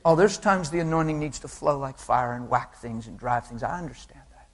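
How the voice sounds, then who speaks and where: A man preaching a sermon, telling an anecdote with lively acted quotes and laughing along with the congregation. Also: mid-range voice, a little fast. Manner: animated storytelling, voices quotes, laughs with the crowd.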